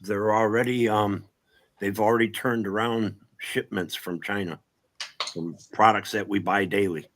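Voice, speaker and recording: A man's voice: lowish voice, fairly even intonation, unhurried, fairly bright tone. A man in casual political chat, blunt and sarcastic, swearing freely.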